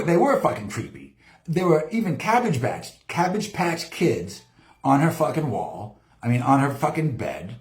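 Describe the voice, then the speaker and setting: A man hosting a live show, rambling through a story in casual, profane talk and acting out what people said. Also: mid-range voice. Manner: heavy swearing, lively storytelling, acts out quotes. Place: home studio. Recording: roomy echo.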